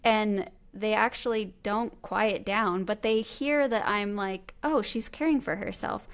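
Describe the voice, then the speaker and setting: A woman in her thirties talks casually as a podcast host. Her voice carries a steady vocal fry at a middle pitch. She animatedly voices herself and her children as she tells stories. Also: measured pace. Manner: animated, quotes her kids and herself aloud. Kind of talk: casual conversational interview.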